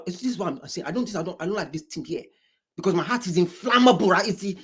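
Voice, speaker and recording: A man's voice: high voice, breathy edge. A man from Africa giving casual reaction commentary, rambling and repeating himself with exasperated asides. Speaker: commentator reacting to a debate show.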